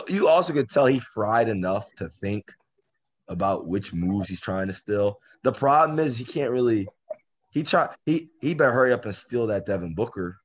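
A man co-hosting a casual basketball podcast, retelling plays in an animated, slangy way. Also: fairly low pitch, slightly rough. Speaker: podcast co-host.

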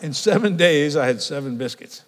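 His voice sits on the high side and moves at a moderate pace as this older preacher delivers a sermon. Long hall reverb surrounds his animated storytelling and the questions he puts to the congregation in call and response.

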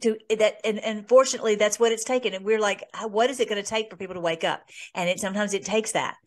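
A woman's voice: mid-range voice, fairly even intonation, fast. A woman hosting a conversational Bible teaching, reading scripture aloud and commenting earnestly with many fillers. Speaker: host.

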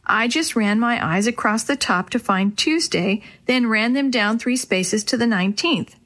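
A woman voicing a steady, practical young boy, matter-of-fact, in a storybook reading. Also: fairly high pitch, moderate pace. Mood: calm.

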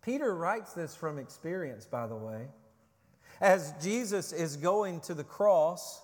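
Pastor guy preaching, kinda high voice, gets loud then drops way down, big echoey hall. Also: expressive, takes it slowly. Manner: urgent preaching, rising loud on warnings, dropping low and quiet on questions. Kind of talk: sermon.

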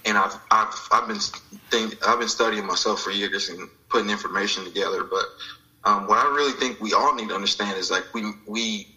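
A man's voice: lowish voice, brisk, sharp tone, low-quality recording. A man sharing a personal spiritual story in an interview, reflective and acting out the voices of people he quotes. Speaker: guest.

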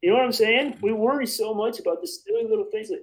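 A man's voice: high voice, fairly quick, poor audio. A man rambling passionately in a casual religious discussion. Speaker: bible study participant.

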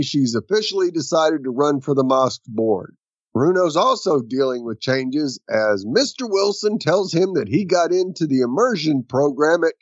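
A man's voice: fairly high pitch, no echo. A man co-hosting a podcast, reading a recap and chiming in with short agreements in casual chat. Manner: short agreeing replies, earnest. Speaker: podcast co-host. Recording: dry, dull lo-fi audio.

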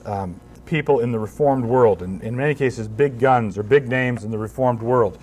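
A man's voice: mid-range voice, normal speed, darkish tone, soft background music. A man speaking as a pastor at a conference, conversational and emphatic, with wry humor and frequent restarts. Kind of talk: conference talk.

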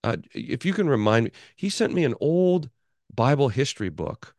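A male pastor teaching a Bible class in an animated way, often restarting his sentences and chuckling. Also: mid-range voice, moderate pace, no room sound. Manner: animated, chuckling, self-interrupting.

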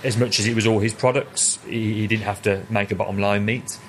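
Male chef guest, young adult, fast rambling interview talk, slightly low voice. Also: steady tone, slight background noise. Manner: rambling, repeats words while telling stories. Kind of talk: casual interview chat.

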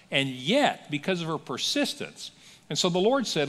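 A man preaching a sermon as pastor, telling stories with lively acted-out quotes in a church. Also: a little high, normal speed, in a large hall. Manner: animated storytelling with acted-out quotes. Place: church sanctuary.

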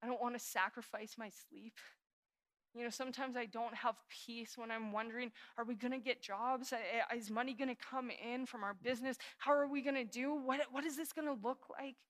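A woman pastor in her thirties preaching a sermon in an earnest, confessional way, dropping to hushed prayer and then rising into animated emphasis. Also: fairly high pitch, a little fast.

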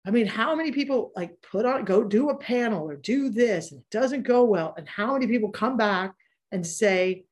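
Candid, husky-voiced woman coaching casually. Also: medium pitch, lively intonation, darkish tone. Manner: candid, swears freely, laughs easily, quick asides. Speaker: productivity coach and podcast host. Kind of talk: casual live workshop talk.

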